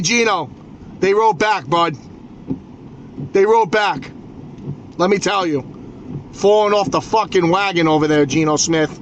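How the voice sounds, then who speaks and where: Male New podcast host, high voice, hot-headed profane sports rant, stammering restarts, noisy background. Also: a bit bright.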